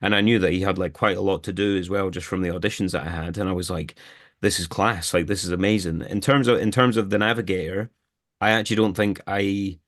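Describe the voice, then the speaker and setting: A man's voice: low-pitched, a bit bright, no echo, clean studio sound. A man, an actor as a guest, chatting casually in an interview, rambling with many restarts and fillers.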